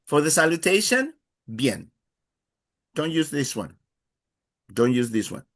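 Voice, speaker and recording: A man's voice: on the high side, sing-song, unhurried, a bit bright. A man teaching a beginner Spanish class, explaining patiently with many fillers and acting out short dialogues. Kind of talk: live online Spanish lesson.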